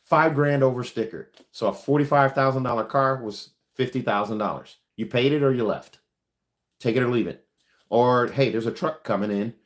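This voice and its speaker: A man's voice: mid-range voice, normal speed. A man, a car salesman, chatting casually on a livestream, answering viewer questions in a rambling, frank way with many ums and uhs. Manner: frank, advice-giving.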